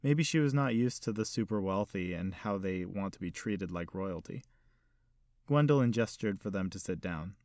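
A man reading a story aloud in a measured, steady storytelling manner. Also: low voice, no room sound, studio quality. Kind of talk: scripted narration.

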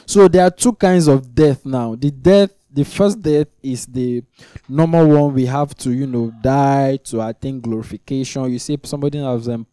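A man's voice: medium pitch, mellow, clear, resonant tone, dry recording, clean studio sound. A man preaching a teaching sermon, earnest and repetitive, building to emphatic peaks. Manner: earnest, repeats key phrases for emphasis. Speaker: preacher leading a weekly teaching meeting.

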